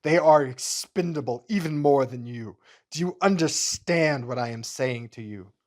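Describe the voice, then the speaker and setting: A man voicing a cold, menacing male wartime scientist villain, speaking slowly and deliberately with threats. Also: mid-range voice, close to an everyday voice.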